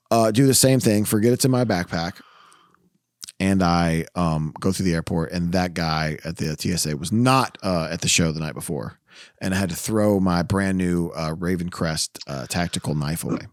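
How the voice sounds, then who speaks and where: A man's voice: low voice, no room sound, studio quality. A man hosting a podcast in casual chat. He tells stories, laughs often and quotes people in his own voice. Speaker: podcast host.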